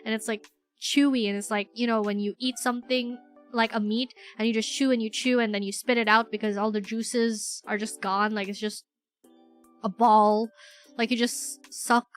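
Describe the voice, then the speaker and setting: A woman's voice: a little high, level tone, normal speed, faint music behind. A young woman from the Philippines chatting on a livestream, rambling and giggly with lots of fillers. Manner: rambling, giggly, filler-heavy, self-mocking. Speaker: VTuber streamer. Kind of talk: casual livestream chat.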